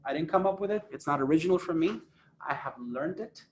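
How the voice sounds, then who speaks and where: A man's voice: a little high, fast talker, roomy sound. A man coaching a phone sales team, emphatic and repeating points for stress. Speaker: sales trainer. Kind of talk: phone sales training talk. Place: office phone room.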